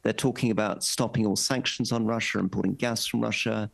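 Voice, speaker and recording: A man commenting as a studio guest on a news program, measured and emphatic. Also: on the low side, fairly even intonation, vocal fry. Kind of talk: news analysis.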